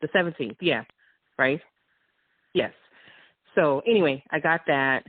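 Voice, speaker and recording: A woman's voice: low voice, a little slow, a little hiss or hum. A woman co-hosting a casual talk show, rambling and giggling as she shares her week. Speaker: co-host. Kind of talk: casual chat. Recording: tinny phone-line sound.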